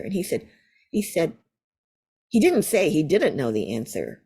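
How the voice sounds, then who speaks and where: A woman's voice: sits low, wildly swooping pitch, measured pace, dark tone, slightly rough. An older American woman, a Zen teacher, telling a vivid story as an interview guest. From United States.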